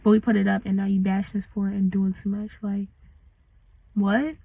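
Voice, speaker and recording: A vlogger in her late teens vents in a casual storytime rant, slangy and packed with "like." Her mid-range voice is creaky, mellow and husky, fairly quick and flat in delivery, on a rough recording.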